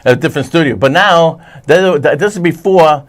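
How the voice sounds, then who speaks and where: A man hosting a casual chat about movies and TV, rambling with many restarts and self-corrections. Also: a little high. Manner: puts on quick voices when retelling scenes. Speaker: host.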